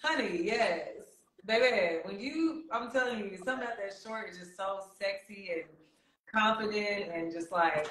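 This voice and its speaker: A woman chatting and laughing on a live video call from her phone at home. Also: medium pitch. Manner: animated, quick to laugh. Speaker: guest. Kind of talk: casual live-stream chat. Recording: echoey room with steady noise.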